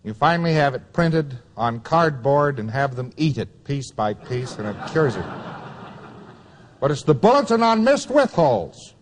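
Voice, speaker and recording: A man's voice: medium pitch, animated, moderate pace, big-room sound. A man giving a taped lecture to students, emphatic and wry, repeating key phrases for weight.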